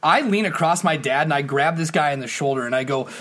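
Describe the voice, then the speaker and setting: A man's voice: on the high side, fast talker, a bit bright. A man co-hosting a casual podcast, telling a heated story full of swearing. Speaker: podcast co-host.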